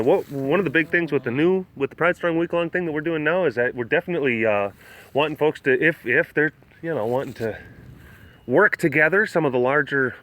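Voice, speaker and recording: A man chatting casually on a livestream outdoors at an animal facility, reading comments and rambling with many restarts. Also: fairly bright tone. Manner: rambling with many restarts, coos high at the cats. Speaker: animal care keeper streaming live.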